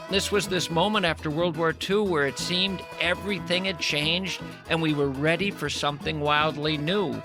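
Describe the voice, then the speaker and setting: A man's voice: on the high side, steady tone, normal speed, few pauses, music in the background. A man hosting a radio interview, enthusiastic and reading passages aloud to his guest. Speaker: radio host.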